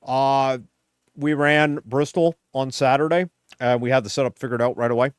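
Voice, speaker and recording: A nasal-voiced man doing a loud, bragging impression of a confident male racing crew chief. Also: mid-range voice, fairly even intonation, normal speed, smooth, no echo, lightly acted. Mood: boastful. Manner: loud, bragging, matter-of-fact report.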